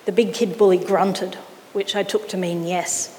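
A woman reading a children's story aloud with expressive delivery, in an echoey hall. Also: medium pitch, normal speed, a little hiss or hum.

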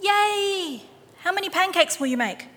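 Woman reading storybook little boy: eager, bouncy, high and bright, in a reverberant hall. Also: big pitch swings, normal speed, full character voice. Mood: excited.

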